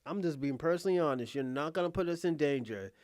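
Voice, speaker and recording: A man with a high-pitched voice rants casually to his online viewers. He talks bluntly and profanely, keeps saying he is being honest, and laughs between lines. His voice is recorded dry and close. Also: animated, fast talker, darkish tone, no room sound. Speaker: online commentator.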